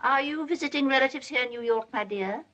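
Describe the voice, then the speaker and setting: A woman's voice: high-pitched, fast, a bit bright, lo-fi sound. An actress playing a proper, anxious middle-aged mother in a 1930s film, prim and emphatic, lecturing her son's new wife.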